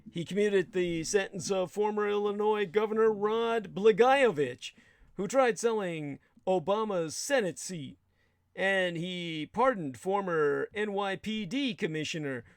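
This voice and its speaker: A man's voice: sits high, a little slow, smooth, dry recording, clean studio sound. A man hosting a show, delivering an emphatic, sardonic political commentary monologue with crude asides. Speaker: show host.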